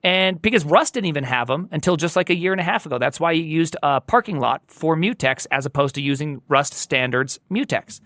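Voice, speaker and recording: A man's voice: on the high side, lively intonation, fairly quick, hardly any pauses, fairly bright tone, no room sound, studio quality. A man speaking as a guest in a casual podcast conversation, emphatic and opinionated, driving points home by repeating them. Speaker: podcast guest, software engineer.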